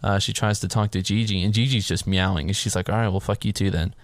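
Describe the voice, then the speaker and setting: A man's voice: low voice, fairly even intonation, quick pace, no echo. A man casually retelling a film's plot as a podcast co-host, swearing freely and acting out his own reactions. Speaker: podcast co-host recapping a film. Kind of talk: casual chat.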